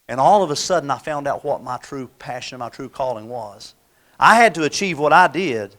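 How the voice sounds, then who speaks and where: A man's voice: mid-range voice, fairly bright tone. A middle-aged man giving a live motivational talk, telling folksy stories and acting out the voices of the people in them. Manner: folksy, storytelling, acts out quoted voices. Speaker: motivational speaker.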